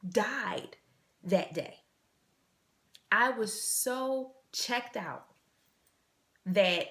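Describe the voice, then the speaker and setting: A woman vlog host telling a personal story in an earnest, halting way, repeating phrases and sometimes dropping to a hush. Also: fairly low pitch, gravelly.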